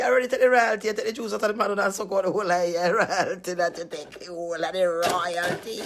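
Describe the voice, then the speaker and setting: A woman's voice: medium pitch, expressive, moderate pace, fairly bright tone. A woman chatting casually with her viewers, teasing and laughing often.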